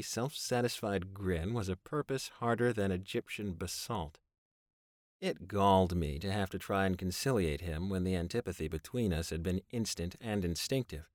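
A man's voice: low-pitched, no echo, clean studio sound. A man reading a first-person story aloud, wry and sardonic in his narration. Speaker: audiobook narrator.

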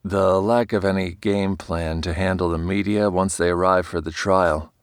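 A man voicing an easygoing adult male police chief in an audiobook, speaking plainly and calmly. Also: deep voice, normal speed, clean tone, no room sound, studio quality, lightly acted.

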